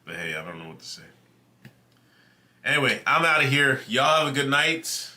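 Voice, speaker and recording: A livestreamer shares a story with his chat, talking loosely and cursing as he goes. His mid-range voice is very animated, pushed, and bright, at a moderate pace.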